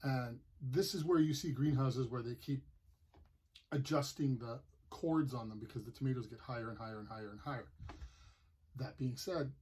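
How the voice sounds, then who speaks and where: A man's voice: mid-range voice, moderate pace, darkish tone, breathy edge. A man from Manitoba hosting a gardening channel, talking in a chatty, plainspoken way and telling stories. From Manitoba, Canada. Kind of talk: casual explanatory vlog.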